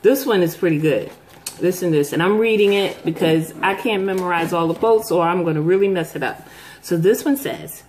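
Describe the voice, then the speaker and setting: Talking a little fast in a slightly mellow voice, a middle-aged woman hosts a vlog and tells her viewers a story. When quoting others, she leaps up in pitch to perform their voices.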